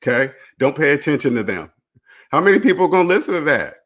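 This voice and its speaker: A man's voice: fairly high pitch, very animated, fast. Man, finance channel host, casual to-camera rant, emphatic and preachy, blunt with profanity, keeps asking rhetorical questions. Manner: blunt and profane, with brief laughs. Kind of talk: casual direct-to-camera monologue.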